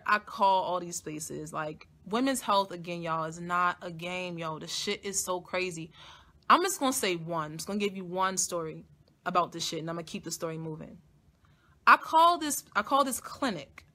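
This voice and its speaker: A young woman vlogger telling a personal story to her audience in a blunt, profane, animated way. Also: fairly low pitch. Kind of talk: casual storytelling to camera.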